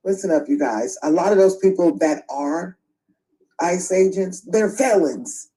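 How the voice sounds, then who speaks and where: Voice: mid-range voice, expressive, measured pace, warm tone. Insistent voice trying to cut in. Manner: insistent, trying to get a word in.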